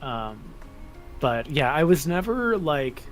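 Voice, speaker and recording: Chatty, higher-voiced male podcast co-host. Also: slow pace, soft background music. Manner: animated, chatty storytelling. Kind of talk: casual fan chat.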